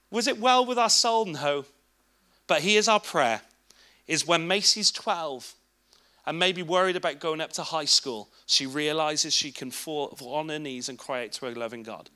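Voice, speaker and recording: An English man in his thirties shares a personal testimony in a candid, chatty way, breaking off for asides to the listeners. His voice sits a little high and sounds bright and forceful. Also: moderate pace, clear, resonant tone. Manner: informal, candid storytelling with asides to the audience. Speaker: speaker at a church children's ministry event.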